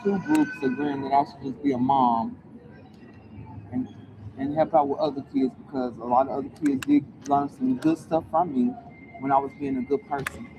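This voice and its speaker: Woman streamer, lively swooping delivery, rambling chat over loud background noise. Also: rumbling low, normal speed. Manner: rambling, scattered, talks to viewers. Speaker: livestreamer.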